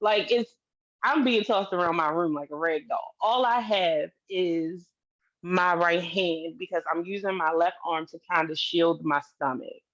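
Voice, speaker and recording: A woman's voice: lowish voice, measured pace, fairly bright tone, dull audio. A woman telling a personal story to her viewers in a candid, casual way, swearing freely and speaking straight to the audience. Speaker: vlogger.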